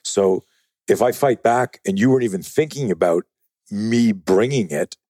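A low, husky male voice in casual podcast talk. He swears freely and tells animated stories, jumping into the voices of the people he quotes. The sound is close and dry. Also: normal speed, no room sound. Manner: profane, animated storyteller acting out quotes. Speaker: guest, self-defense trainer.

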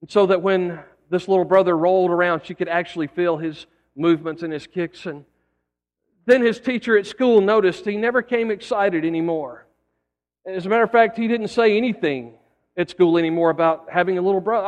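Preaching man, high voice, church reverb. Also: normal speed. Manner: storytelling preacher with folksy asides and repeated words. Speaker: pastor. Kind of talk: sermon.

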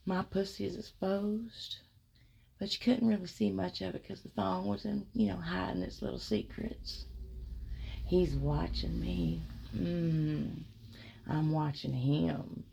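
Slow, gravelly-voiced woman storyteller. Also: fairly low pitch, animated, dark tone, slight background noise. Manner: drawn-out, breathy murmurs and frequent giggles. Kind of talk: first-person erotic storytelling.

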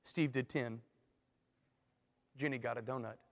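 A man telling a dramatic illustration story in a sermon, in an animated way. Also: mid-range voice, a little slow, gravelly. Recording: long hall reverb.

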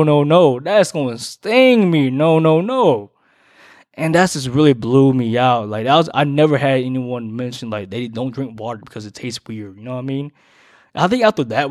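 A man telling a dating story in a casual, animated way, jumping loud and high for emphasis. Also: dry recording, studio quality.

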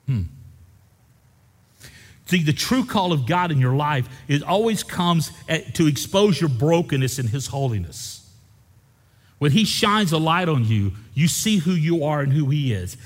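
A man preaching a sermon, building to loud repeated refrains and joking with the congregation. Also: on the high side, big pitch swings, measured pace. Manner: preaching with rising intensity, repeating phrases. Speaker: pastor. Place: church sanctuary. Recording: church hall with long reverb.

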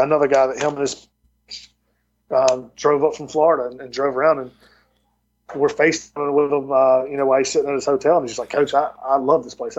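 A man's voice: mid-range voice, darkish tone, breathy edge, dull audio. A man who coaches college football, telling recruiting stories in a casual podcast interview, with a lot of restarts and repeated words. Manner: rambling storyteller with many restarts. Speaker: football tight end coach and recruiting coordinator.

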